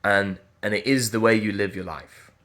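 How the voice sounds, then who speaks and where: A man's voice: lowish voice, fairly even intonation, moderate pace, fairly bright tone. A man, a voice teacher giving an earnest, emphatic motivational talk and repeating phrases as he thinks aloud. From Yorkshire.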